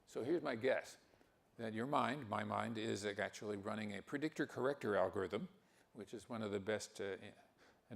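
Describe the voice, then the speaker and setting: An older man giving a conference talk, speaking haltingly with many fillers and restarts. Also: lowish voice, creaky. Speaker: keynote speaker.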